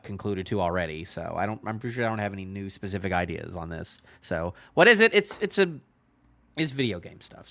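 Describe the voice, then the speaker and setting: A man hosting a reaction video in casual solo commentary, rambling and filling his talk with "you know", often trailing off in a low-key way. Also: sharp tone. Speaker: manga reaction channel host.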